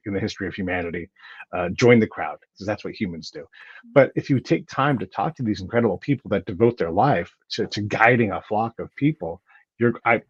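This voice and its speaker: A man hosting a podcast in casual chat, telling stories in an animated way with lots of restarts. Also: lowish voice, husky, no room sound, muffled recording. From United States. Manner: animated storyteller, chatty with frequent restarts. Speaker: podcast host.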